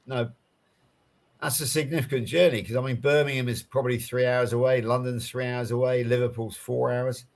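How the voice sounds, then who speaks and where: A man's voice: mid-range voice, little pitch movement, a little fast. Man, English West Country accent, casual live chat, rambling, restarts and fillers. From England. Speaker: guest on a live crochet chat.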